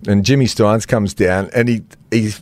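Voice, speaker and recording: A middle-aged Australian man co-hosting a sports podcast, telling stories with lots of laughs and animated swings into quoted voices. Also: moderate pace, no echo. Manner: animated storyteller, laughs often, jumps pitch for quoted voices. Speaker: podcast co-host. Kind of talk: casual sports chat.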